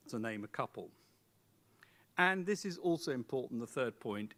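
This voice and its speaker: A middle-aged man giving a formal, measured speech at a conference, setting out his points one by one with deliberate emphasis. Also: mid-range voice, fairly bright tone.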